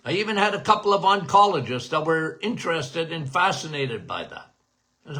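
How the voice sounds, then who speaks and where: A man's voice: a little high, sing-song, normal speed, pushed and bright. A middle-aged man hosting a health Q&A podcast, talking casually and repeating phrases for emphasis as he addresses his listeners as guys. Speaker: podcast host, doctor.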